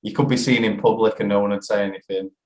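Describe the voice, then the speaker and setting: A man's voice: on the low side, fairly even intonation, fast talker, a little mellow. A man hosting a casual podcast, laughing easily and posing questions. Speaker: podcast host. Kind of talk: casual chat. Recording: echoey room.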